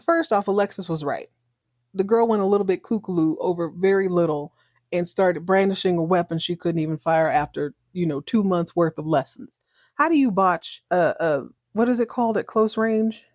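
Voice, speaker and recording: A woman's voice: lowish voice, expressive, normal speed, no room sound, clean studio sound. A woman hosting a podcast, recapping a TV soap in a chatty, sarcastic, joking way. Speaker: podcast host. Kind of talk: casual TV recap.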